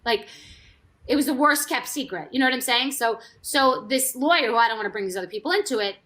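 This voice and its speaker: A woman's voice: fairly high pitch, lively intonation, fast, a bit bright. A woman who was once on a reality TV show, telling gossip in a rambling, candid way with many restarts and asides. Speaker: former reality TV cast member. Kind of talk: casual gossip storytelling.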